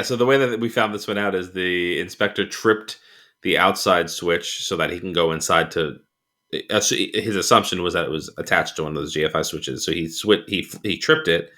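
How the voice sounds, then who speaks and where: A man's voice: deep voice, brisk. A man co-hosting a podcast, casually telling a story and chuckling as he goes. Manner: animated storyteller who chuckles through anecdotes. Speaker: podcast co-host.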